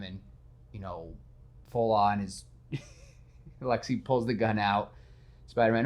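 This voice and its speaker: A man hosting a casual podcast, talking in an animated, self-deprecating way and slipping into quick character voices. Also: fairly low pitch, highs cut off. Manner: self-deprecating, admits nervousness. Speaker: podcast host. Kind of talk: casual podcast chat retelling a film.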